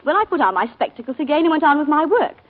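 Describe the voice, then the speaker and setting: A shaken planter's wife telling of a shooting, high lively voice, halting and emotional, 1940s radio acting, tinny old broadcast. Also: female voice.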